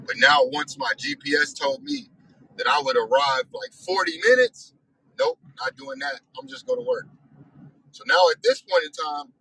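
A man's voice: high-pitched, vocal fry, pushed and bright, a little hiss or hum, low-quality recording. A man hosting a weekly discussion, telling a story in a casual monologue with exasperated, profane and self-reflective talk.

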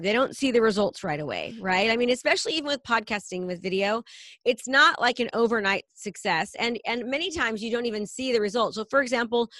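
A woman's voice: medium pitch, fairly bright tone, no echo. A woman hosting a podcast interview in a casual, upbeat and encouraging chat. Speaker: podcast host.

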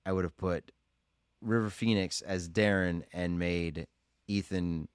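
A laid-back man with a low voice, co-hosting a casual movie podcast. His humor is dry and teasing, and the recording is close and dry with no room sound. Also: fairly even intonation, measured pace, smooth, no echo. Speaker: podcast co-host.

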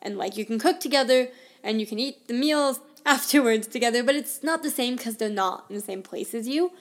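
A woman's voice: on the high side, a little fast. A woman in her twenties telling a personal story as a podcast host, in a candid, conversational way full of "like" and "I mean.".

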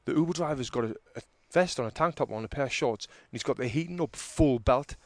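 Animated man telling stories. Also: mid-range voice, fast talker, no room sound. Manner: animated storyteller who acts out arguments loudly. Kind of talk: casual chat, storytelling.

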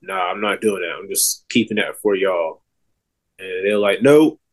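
A man's voice: deep voice, fairly even intonation, moderate pace, a bit bright. A young man co-hosting a casual podcast, talking in a loose, rambling way with many fillers and restarts. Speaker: podcast co-host. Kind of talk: casual chat.

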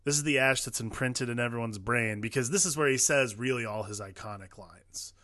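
Male podcast co-host, casual enthusiastic film chat, mid-pitched everyday voice. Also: a little fast, sharp tone. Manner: enthusiastic, swears, quotes scenes in raised voice.

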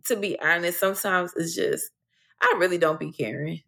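Gravelly, reflective man in casual chat. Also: high-pitched, bright, forceful tone. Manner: reflective, halting, laughs easily.

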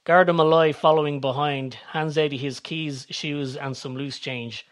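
A man narrating a story in a steady, descriptive reading voice. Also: a little high, normal speed.

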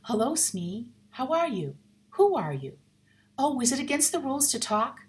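Woman doing a soft-spoken, uneasy lady guest, confiding in a hushed way, a little higher than the narration, lively ups and downs, storybook ghost tale. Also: normal speed. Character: gentle, anxious middle-aged lady guest.

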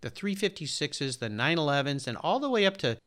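A man's voice: on the high side, very animated, brisk, a bit bright. A man in his sixties, a podcast host being interviewed, talking earnestly and at length in a casual way. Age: 60s. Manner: earnest, detailed, talks at length.

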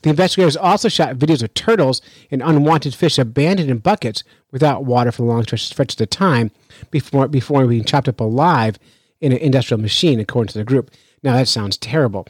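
Male podcast host, lively and chatty, casual storytelling, dry studio sound. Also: mid-range voice, slightly rough, no echo. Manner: lively, chatty, with frequent restarts. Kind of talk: casual storytelling and news commentary.

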